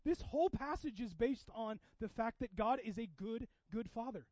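Male pastor, high voice, chatty sermon delivery, loud pushes and hushed asides, dull dry recording. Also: animated, normal speed, dry recording. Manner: conversational, swinging from loud exhortation to hushed asides.

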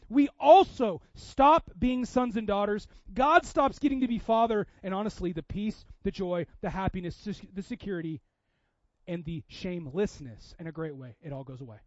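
A man from Seattle with a notably high voice preaches a sermon in a talky, personal way. He restarts often and swings between loud emphasis and quiet asides. The sound is dry and somewhat dull, like a lo-fi recording. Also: moderate pace, dry recording. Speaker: pastor.

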